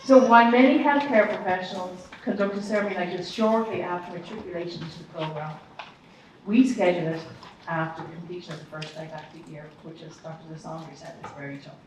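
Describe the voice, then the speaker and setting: A woman department head giving a formal, measured welcome address at a ceremony. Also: lowish voice. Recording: echoey hall, distant mic, faint noise.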